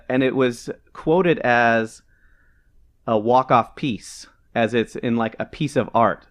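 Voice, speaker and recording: A man co-hosting a casual podcast, talking at an ordinary middle pitch. He rambles through his points, restarting sentences and laughing as he goes. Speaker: podcast co-host. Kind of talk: casual chat.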